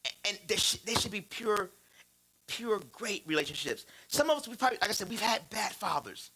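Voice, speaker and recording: A man in his thirties preaching about fatherhood through personal stories, animated and laughing, repeating phrases for emphasis. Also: high-pitched, fairly quick, husky, low-quality recording. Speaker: church speaker on fatherhood.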